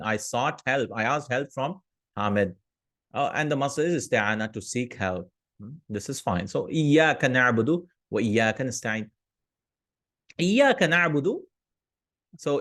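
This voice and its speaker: Man teaching grammar, checking "right?". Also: medium pitch. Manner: explanatory, checks in with "right?" and "hmm?". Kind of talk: online grammar lesson.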